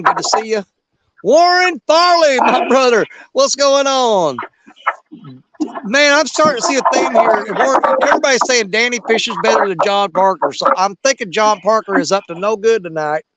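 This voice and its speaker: A man's voice: high voice, moderate pace, very noisy. A man hosting a casual livestream, greeting viewers by name in a folksy, drawling way. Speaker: livestream host. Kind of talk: casual livestream chat reading viewer comments.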